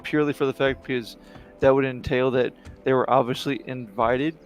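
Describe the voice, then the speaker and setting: Young guy streamer, loose rambling chat, mid-pitched, quiet music behind. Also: fairly even intonation, brisk. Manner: rambling, lots of fillers and restarts. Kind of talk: casual chat over a game stream.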